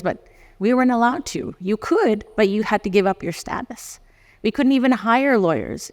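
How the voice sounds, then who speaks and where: A lawyer in their forties from Canada, giving a conference talk and acting out the dialogue in personal stories. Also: mid-range voice. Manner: animated storyteller who acts out dialogues and often laughs. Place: conference hall. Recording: long hall reverb.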